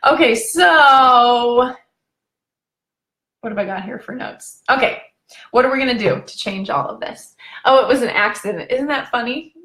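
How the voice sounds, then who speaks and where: A woman's voice: fairly high pitch, moderate pace, a little hiss or hum. Chatty woman coach in an echoey room. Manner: chatty and animated, laughing and going off on tangents. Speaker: relationship coach. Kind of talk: live video training.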